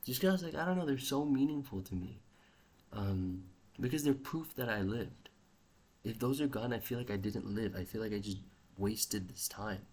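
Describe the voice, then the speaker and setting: Rambling young man with a husky voice. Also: fairly low pitch, normal speed, a little mellow. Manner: rambling, musing, swears casually; restless, trails off and restarts. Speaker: vlogger. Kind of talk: casual video journal.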